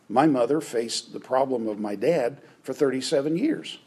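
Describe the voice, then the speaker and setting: Pastor guy giving a sermon, kinda husky, chatty, keeps asking if folks are with him. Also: medium pitch, normal speed, darkish tone, low-quality recording. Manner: conversational, checks in with listeners.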